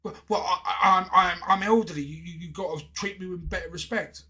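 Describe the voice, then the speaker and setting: A man's voice: sits high, steady tone, fairly quick, pushed and bright, pitched above the performer's own voice, exaggerated voice. An English man doing a huffy fifty-something woman. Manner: huffy, stammering. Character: indignant entitled woman in her fifties.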